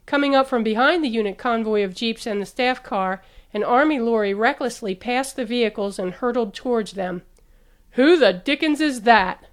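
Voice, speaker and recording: A woman narrating an audiobook in a steady, even storytelling manner. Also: on the high side, a little fast, few pauses, clear, resonant tone.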